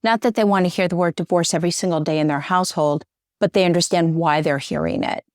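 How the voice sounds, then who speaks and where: Middle-aged woman guest, earnest and choked up, lowish voice, dry close sound. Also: quick pace, no room sound. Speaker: interview guest, divorce journalist. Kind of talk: conversational interview.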